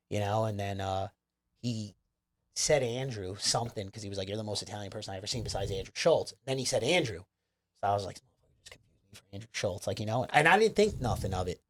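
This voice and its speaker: A man's voice: fairly low pitch, expressive, fast. Rambling, profane man telling a story. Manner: profane, rambling, lots of fillers. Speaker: comedian guest. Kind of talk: casual storytelling chat.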